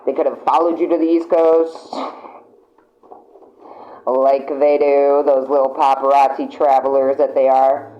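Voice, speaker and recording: A woman talks straight into her camera mic as she gives a tarot reading. She is excitable and chatty, laughs often, and swears without a second thought. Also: very deep voice, unhurried, long pauses, highs cut off. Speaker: tarot reader.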